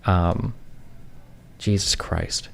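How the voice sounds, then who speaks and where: A man's voice: sits low, steady tone, drawn-out words, vocal fry, a little hiss or hum. A man in his thirties in a casual venting monologue, sarcastic and exasperated, slipping into mocking voices of others. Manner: sarcastic, exasperated, mimics others mid-story. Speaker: streamer.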